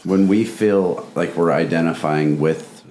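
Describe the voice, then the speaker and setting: Man podcast host, very deep voice, halting delivery, roomy sound. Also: dark tone, slight background noise. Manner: halting, thinking aloud with restarts. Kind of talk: casual podcast conversation.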